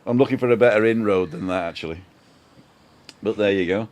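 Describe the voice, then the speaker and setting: A man's voice: fairly low pitch, a little fast, darkish tone. A man hosting a casual live-stream chat, jokey and chatty, reading out viewer comments. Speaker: host.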